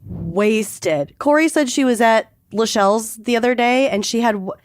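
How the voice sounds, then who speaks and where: A woman's voice: on the high side, moderate pace, no room sound, clean studio sound. A woman co-hosting a podcast from her home office, chatting casually, laughing often and swearing freely. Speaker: podcast co-host. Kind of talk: casual chat.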